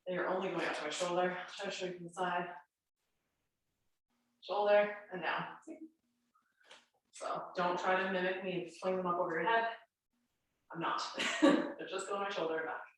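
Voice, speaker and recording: A woman's voice: on the low side, fairly even intonation, normal speed, pauses often. A woman instructor talks a home exercise class through each move in a chatty, reassuring way, her voice congested and nasal. She sounds set back from the camera mic, and the room rings with heavy echo. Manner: chatty, reassuring coaching cues. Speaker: fitness instructor. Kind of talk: guided home workout instruction. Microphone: camera mic at a distance. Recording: very echoey room, voice far from mic.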